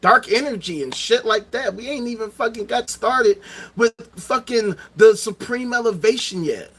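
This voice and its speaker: A middle-aged man talking to his viewers in a loud, profane, repetitive rant with plenty of rhetorical questions. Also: extremely high pitch, lively intonation, normal speed. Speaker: streamer. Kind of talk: ranting livestream monologue.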